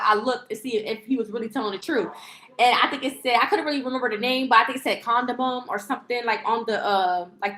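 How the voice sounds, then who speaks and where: A woman with a fairly high voice tells a rambling storytime rant to her viewers. She curses freely and trips over fillers and restarts. The sound bounces around an echoey room. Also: pushed and bright. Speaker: lifestyle vlogger and livestreamer.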